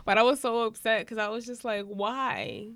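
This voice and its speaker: Bright, crisp young woman telling a story. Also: fairly high pitch, quick pace, no echo. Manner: animated, imitates people in her stories, swears casually. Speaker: podcast co-host. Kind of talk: casual storytelling chat.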